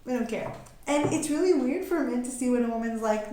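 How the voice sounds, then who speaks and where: Young woman, tarot reader, casual chat, giggly, slightly high voice, very echoey room. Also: brisk, dark tone. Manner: giggly, chatty, acts out quoted voices. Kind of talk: casual chatty tarot reading.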